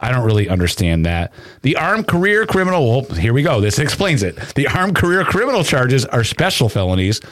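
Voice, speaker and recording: A man's voice: mid-range voice, sing-song, brisk, few pauses, fairly bright tone, no room sound, clean studio sound. A man co-hosting a podcast in casual chat, reading news aloud with running asides. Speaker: podcast co-host. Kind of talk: casual true-crime chat.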